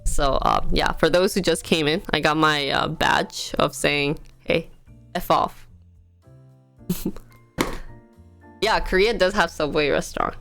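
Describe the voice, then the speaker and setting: A woman's voice: deep voice, a little slow, gravelly, fairly bright tone, faint music behind. A woman livestreaming from home, telling stories in a casual, chatty way and laughing often. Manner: chatty storytelling, frequent laughter.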